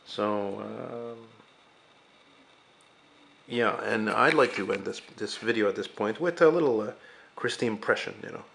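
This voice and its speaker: A man's voice: fairly low pitch, a little slow, vocal fry, long pauses, a bit bright. A man around forty, an artist hosting his own channel, talking casually in a rambling, hesitant way with frequent fillers and casual swearing. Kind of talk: casual vlog talk.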